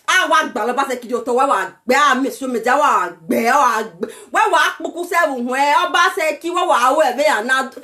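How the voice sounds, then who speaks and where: A Nigerian woman with a Nigerian accent, delivering an impassioned political rant to her viewers, shouting and pleading. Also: high voice. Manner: shouting, pleading, breaks into laughter. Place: lives abroad in Europe.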